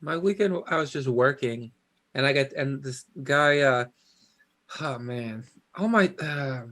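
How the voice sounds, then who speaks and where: A man guesting on a comedy podcast, wry and quick with movie quotes. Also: mid-range voice, expressive, fairly bright tone. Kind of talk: casual chat.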